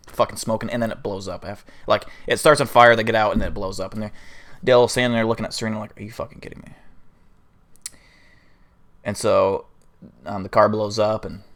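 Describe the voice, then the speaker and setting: A man with a fairly low voice spins an improvised story for his livestream audience. He rambles casually, tripping over fillers and dropping curse words as he goes. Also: fairly bright tone. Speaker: livestream host.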